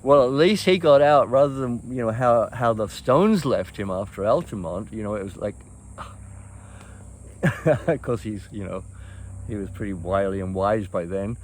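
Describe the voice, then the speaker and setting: An older man hosts, spinning loose, meandering stories with plenty of "you know" and little chuckles. His voice sits a bit low. A faint hum of night insects hangs behind him. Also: moderate pace. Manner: rambling, chuckles often, many fillers and restarts. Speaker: host. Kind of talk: casual reminiscing storytelling.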